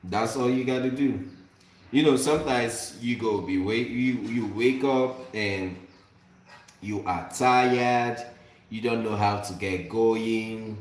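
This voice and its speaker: A man's voice: lowish voice, slow. A man from Nigeria with a Nigerian accent, giving a motivational vlog talk that repeats phrases and slips into Nigerian Pidgin. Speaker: vlogger. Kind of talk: motivational cooking-chat monologue. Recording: echoey room with faint ambience.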